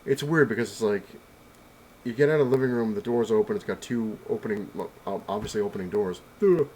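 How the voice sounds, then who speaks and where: Brief: young man, low voice, quick rambling home-vlog storyteller, faint room hiss. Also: animated, a little mellow, rough recording. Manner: rambling, many fillers and restarts. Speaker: vlogger. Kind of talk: casual storytelling.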